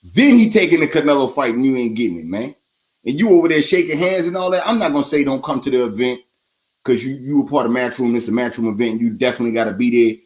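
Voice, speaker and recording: A man's voice: medium pitch, expressive, fast. A man co-hosting a boxing talk show, heated and emphatic.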